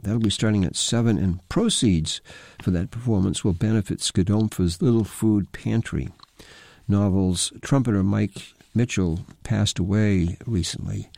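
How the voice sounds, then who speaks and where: Male radio host, lower register, dry close sound; steady listing delivery with small slips and asides. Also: vocal fry, no echo. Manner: unhurried, slightly halting with small asides. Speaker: radio jazz calendar host. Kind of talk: reading a weekly jazz events calendar.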